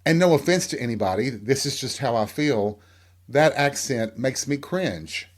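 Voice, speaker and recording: A man's voice: mid-range voice, lively intonation, normal speed. A man from Tennessee hosting a candid solo podcast, frank and self-deprecating, with a rambling delivery. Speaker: podcast host.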